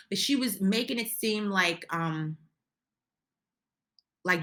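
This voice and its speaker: A woman's voice: a little high, expressive, slow, long pauses, a bit bright. A woman giving an opinionated recap of a reality show, ranting heatedly and indignantly, often restarting her sentences. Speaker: reality TV commentator.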